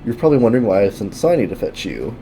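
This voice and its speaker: A man's voice: fairly low pitch, sing-song, very fast, mellow, faint music behind. A man reading a chatty villager's game dialogue aloud in a plain voice, with small stumbles.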